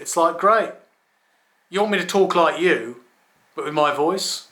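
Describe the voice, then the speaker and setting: A man's voice: on the high side, lively intonation, moderate pace, bright, forceful tone. An English man from England talking in a rambling solo monologue, wry and blunt, swearing freely and restarting his sentences. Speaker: video blogger. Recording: echoey room.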